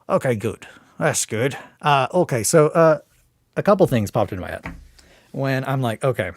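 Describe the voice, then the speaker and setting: A man hosting a casual morning chat stream, talking in an excitable, rambling way with many restarts. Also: mid-range voice, no room sound. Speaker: hobby streamer.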